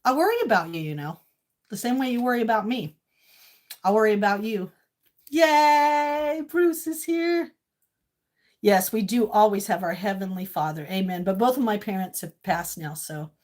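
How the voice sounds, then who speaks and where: A woman in her fifties from Maine hosts a casual livestream from her home kitchen, speaking a little fast in a mid-range voice. Gushing and emotional with viewers, she swings between tearfulness and loud, squealing laughter.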